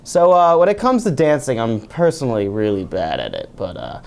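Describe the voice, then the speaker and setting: A man's voice: medium pitch, wildly swooping pitch, fairly quick, creaky, darkish tone. A young man co-hosting a casual chat about viral videos, talking in a hesitant, rambling way and laughing often. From Germany. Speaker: co-host.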